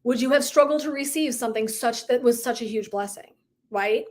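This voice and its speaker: A middle-aged woman with a slightly high voice hosts a casual livestream. She is chatty and earnest, leaning on "like" and "right?" as she coaches her viewers. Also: fairly quick. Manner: chatty, heavy use of "like", earnest and emotive. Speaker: wellness coach.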